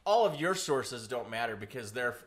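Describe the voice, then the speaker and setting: A man trading crude jokes in a loose podcast chat. His pitch swings a lot, and his voice has a bright, forceful edge. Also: moderate pace. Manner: crude, animated and joking. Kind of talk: casual chat.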